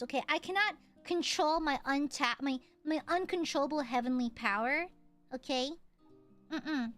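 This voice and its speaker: A young woman VTuber livestreams casually, playful and jokey, often bursting into laughs and squeals. Her voice is high, animated, and fairly bright at a measured pace, with soft music behind her.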